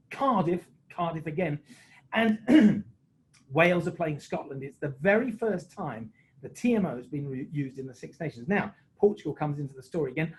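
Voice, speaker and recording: A man's voice: sits high, darkish tone, low-quality recording. A man, a former rugby referee, telling jokey, self-mocking anecdotes on a video call. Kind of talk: anecdotal storytelling on a webinar.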